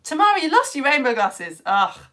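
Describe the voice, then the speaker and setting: A woman's voice: high-pitched, sing-song, brisk, fairly bright tone. A woman teaching a live online science lesson, chatting with viewers and reading out their comments in a bubbly, playful way, laughing often.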